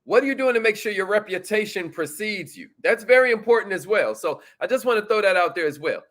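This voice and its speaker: A man teaching sales follow-up in a casual, energetic, slangy manner, talking straight to his viewers. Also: high-pitched. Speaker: sales coach. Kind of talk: motivational teaching talk.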